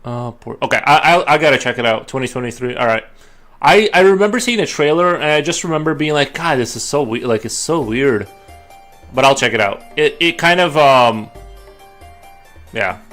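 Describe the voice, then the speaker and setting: A man's voice: fairly high pitch, fairly quick, fairly bright tone. Man, casual streamer chat, rambling with fillers and restarts, faint music in the background. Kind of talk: casual chat while drawing.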